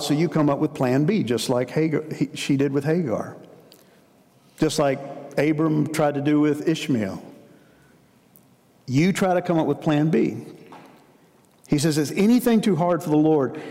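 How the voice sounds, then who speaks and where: A man's voice: on the high side, moderate pace, pauses often, warm tone. A man preaching a sermon as a pastor, telling stories in a conversational way. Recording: long hall reverb.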